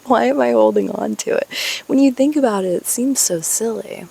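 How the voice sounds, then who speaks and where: A young woman talking candidly to her viewers in a vlog, musing slowly, laughing and swearing casually. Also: a little high, creaky, warm tone, breathy edge. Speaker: spiritual YouTuber.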